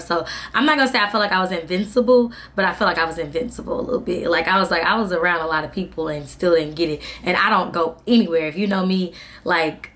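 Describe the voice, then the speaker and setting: Chatty woman with a lowish voice. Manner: chatty, animated, acts out quoted dialogue. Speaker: vlogger. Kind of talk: casual storytelling to camera.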